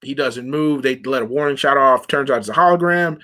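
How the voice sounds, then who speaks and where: A man co-hosting a casual podcast, recapping episodes in animated, slangy talk and acting out characters' lines. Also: mid-range voice, a little fast. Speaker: podcast co-host. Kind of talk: casual chat recapping a show.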